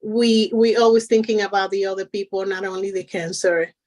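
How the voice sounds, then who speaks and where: A woman with a Spanish accent and Spanish as her first language, a nonprofit founder speaking earnestly on a radio interview with many pauses. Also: medium pitch, flat delivery. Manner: warm, earnest, halting with fillers.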